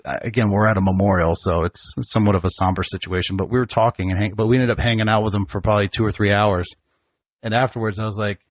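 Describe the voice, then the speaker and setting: Low-voiced man telling family stories. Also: no echo. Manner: chatty storyteller, laughs often. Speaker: podcast host, father. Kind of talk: casual family chat.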